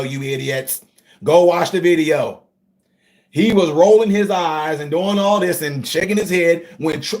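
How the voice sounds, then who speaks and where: A middle-aged man hosts a casual livestream and talks straight to his viewers. His voice sits high for a man, and he swings from low, quiet asides to loud, excited outbursts. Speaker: livestream host.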